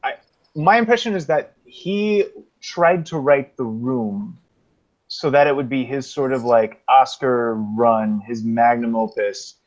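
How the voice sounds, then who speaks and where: A man chatting on a podcast, animated and jokey. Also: mid-range voice, slow. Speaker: podcast co-host. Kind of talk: casual chat. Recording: dull lo-fi sound.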